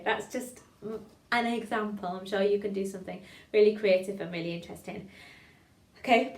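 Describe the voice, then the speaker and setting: A drama teacher with a medium-pitched, darkish voice leads an online improvisation lesson, chatty and encouraging and laughing at her own slips. The mic sits at a distance in an echoey room.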